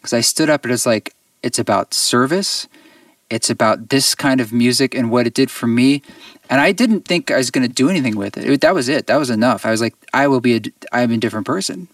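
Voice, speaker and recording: A man, a musician guest on an interview show, tells a personal story in an earnest, reflective way with halting restarts. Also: mid-range voice, no room sound, far from the mic.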